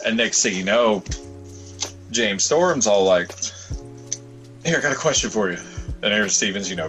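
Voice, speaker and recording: Low-voiced, loose-talking podcast host. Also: male voice, low-quality recording. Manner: rambling, swears freely, quotes others in animated bits. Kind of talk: casual chat.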